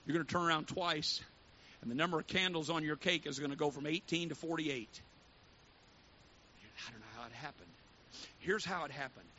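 High sharp-voiced preacher man going from hushed to yelling, dull recording w/ faint hiss. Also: brisk, pauses often. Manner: fervent, swinging from hushed to shouting. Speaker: pastor. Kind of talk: sermon.

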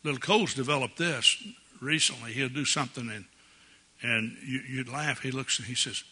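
An older male pastor delivers a folksy, jovial sermon, chuckling as he goes. His voice is sharp and bright yet husky and breathy. He speaks from a church sanctuary. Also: medium pitch, normal speed.

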